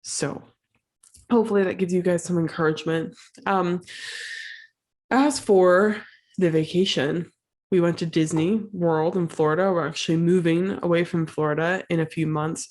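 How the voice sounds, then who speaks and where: In a solo podcast monologue, the female host speaks in a low, slightly mellow voice. Though ill and a little short of breath, she keeps things casual and supportive, full of fillers.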